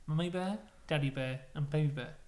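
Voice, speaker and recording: A man co-hosting a casual chat, retelling a fairy tale with lively put-on voices. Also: on the high side, a little fast. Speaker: podcast co-host.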